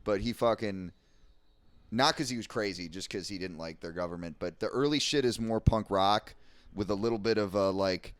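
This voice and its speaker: A man's voice: fairly low pitch, moderate pace, clean tone, no room sound. An American man co-hosting a podcast, chatting casually and enthusiastically about punk bands, rambling and swearing freely. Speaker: podcast co-host.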